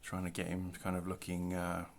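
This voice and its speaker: A middle-aged man casually showing his artwork on camera, talking in a relaxed, rambling way with self-deprecating asides. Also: sits low, brisk, gravelly. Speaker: artist showing his work. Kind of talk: casual show-and-tell narration. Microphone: camera mic, handling artwork.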